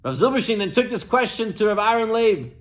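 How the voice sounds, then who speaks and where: A man with a fairly high voice preaches a sermon as an animated storyteller. He turns to his listeners and speaks to them directly. His delivery swings from loud outbursts down to near-whispers. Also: fairly quick. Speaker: rabbi.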